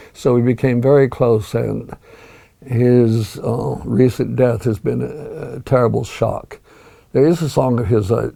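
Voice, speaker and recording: An older man with a gravelly, husky voice, talking as an interview guest and musing over his memories with frequent restarts. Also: medium pitch, dark tone. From United States. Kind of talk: reminiscing interview talk.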